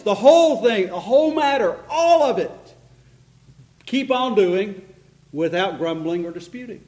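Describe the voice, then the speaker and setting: A man preaching an expository sermon in a church, animated and climbing in pitch to stress points, with frequent restarts. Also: low-quality recording. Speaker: pastor.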